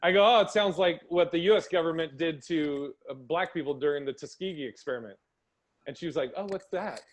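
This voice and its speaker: Male podcast host, higher-pitched, casual storyteller who acts out quotes. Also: a little fast.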